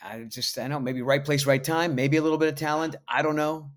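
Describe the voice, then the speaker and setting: A man in his forties from the United States, a voice actor telling stories in a casual interview, laid-back and halting, self-deprecating. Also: on the high side, steady tone. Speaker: voice actor guest.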